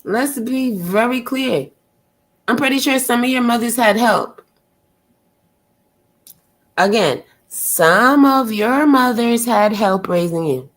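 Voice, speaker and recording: A woman's voice: fairly high pitch, slow, long pauses. A woman streamer ranting in blunt, exasperated commentary, firing off rhetorical questions and swearing freely. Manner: loud and gushing when she greets a viewer.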